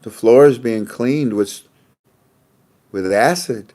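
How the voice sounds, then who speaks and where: A man's voice: medium pitch, slow pace, mellow. A man hosting a casual monologue, rambling and repeating his phrases, with frequent laughter. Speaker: host.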